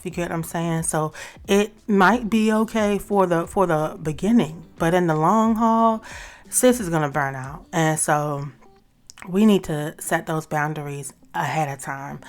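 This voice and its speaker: A woman hosting a talk show, giving chatty, direct advice to her listeners in a casual way. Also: low-pitched. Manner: chatty and direct, addresses listeners as y'all and sis. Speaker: host.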